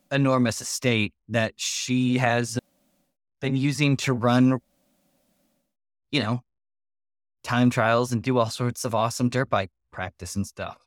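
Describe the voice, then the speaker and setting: A man playing a tabletop role-playing game, talking slowly and haltingly with plenty of "uh"s and restarts. His voice sits at an ordinary pitch and is recorded close and dry, with no room sound around it. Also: no echo. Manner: slow, halting, many fillers and restarts, laughs often. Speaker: player. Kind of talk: tabletop role-play, in and out of character.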